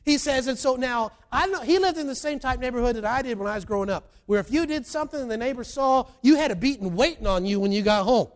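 A preacher with a high voice tells a story in a sermon. He builds to loud, emphatic bursts, then drops to quiet, confiding asides. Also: fast talker, hardly any pauses. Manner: animated, shifts between loud emphatic and quiet.

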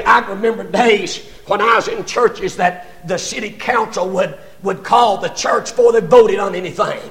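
An older preacher with a high voice delivers a fiery sermon. He swells into shouts, stumbles over repeated words as his passion runs ahead of him, then drops low again to drive a point home. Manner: impassioned, rising to shouts, stammering repetitions.

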